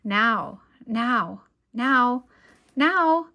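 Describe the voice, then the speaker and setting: A woman's voice: expressive, normal speed, natural voice. A woman doing Lola, an insistent little girl. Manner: pleading, insistent, repeating words with rising pitch. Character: small excitable little girl, insistent and funny.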